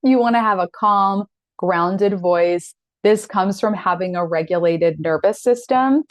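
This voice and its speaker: At a measured pace and medium pitch, a thirty-something woman teaches an online masterclass in a dry recording. She's earnest, direct and encouraging, acting out quoted asides with animation.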